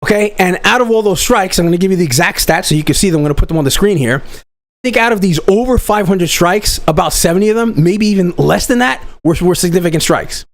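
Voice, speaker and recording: A man's voice: high-pitched, fast, no echo. A man hosting a live online chat, giving blunt, profane, rambling commentary on a fight. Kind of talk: casual livestream commentary.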